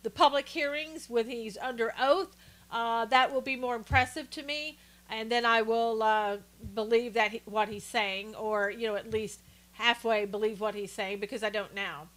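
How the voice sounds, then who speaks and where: Reading viewer chat and greeting people by name, a woman with a bright, forward, fairly high voice hosts a relaxed live stream of political commentary. She's chatty and opinionated, dropping in lots of "uh"s. Her intonation stays fairly even and her pace is moderate.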